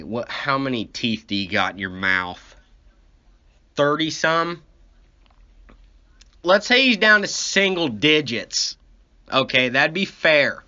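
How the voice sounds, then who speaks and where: Casting note: a slow, profane rambling storyteller, a man, on a muffled lo-fi recording. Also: a little high, bright, forceful tone, smooth. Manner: profane, ranting, complaining. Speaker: comedy podcast host. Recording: dull lo-fi recording.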